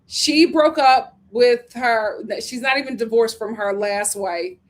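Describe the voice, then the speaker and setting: A woman's voice: on the high side, takes it slowly. Sassy woman recapping reality TV. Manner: sassy, animated, laughs often. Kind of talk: casual recap chat.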